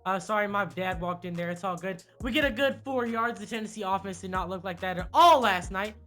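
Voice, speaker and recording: Bright-voiced hyped young gamer guy. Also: high voice, a little fast, soft background music. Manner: hyped, excitable play-by-play with frequent fillers. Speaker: gaming YouTuber. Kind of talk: casual video game commentary.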